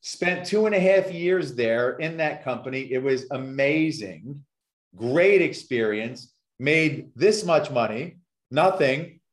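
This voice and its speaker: A man who is a success coach, telling his story as a guest on a podcast in an emphatic way and repeating points for effect. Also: medium pitch. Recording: echoey room.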